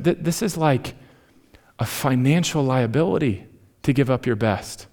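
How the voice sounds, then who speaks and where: Animated pastor preaching a sermon. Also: male voice, fairly high pitch. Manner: animated storytelling, rising loud for emphasis then dropping to near whispers.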